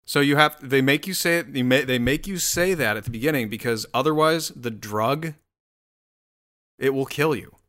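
A man's voice: mid-range voice, moderate pace, fairly bright tone. A man hosting his own solo show, rambling and swearing in a casual rant full of restarts. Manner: rambling, profane, self-interrupting.

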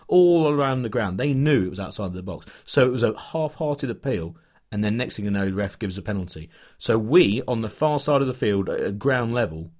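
Rambling English man telling a story. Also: fairly low pitch. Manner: rambling anecdote with many fillers and restarts. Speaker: podcast co-host, football fan. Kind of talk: casual chat, storytelling.

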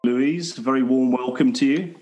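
A man hosting a podcast interview, speaking in a friendly, measured way with some ums and restarts. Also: medium pitch, a little mellow, faint music behind. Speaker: podcast host.

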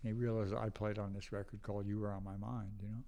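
A man's voice: on the low side, flat delivery, quick pace, warm tone. An older man telling rambling anecdotes as an interview guest, often acting out the voices of people he quotes. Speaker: guest musician. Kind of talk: casual storytelling interview.

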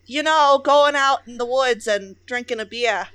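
A woman's voice: a little high, a little slow, a bit bright, clean tone, no room sound. A woman co-hosting a casual podcast chat, reacting with exclamations and laughing along. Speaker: podcast co-host listening.

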